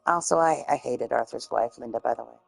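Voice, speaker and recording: A woman streamer chatting casually and rambling, swearing freely, her voice slightly hoarse. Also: very deep voice, brisk, no echo, faint music behind. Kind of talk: casual chat.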